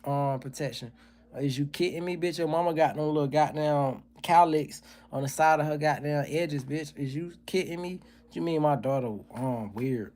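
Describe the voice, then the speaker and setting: A man's voice: a little high, a little mellow. Profane, ranting man on a livestream. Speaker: livestream host. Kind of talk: casual livestream chat and comedy.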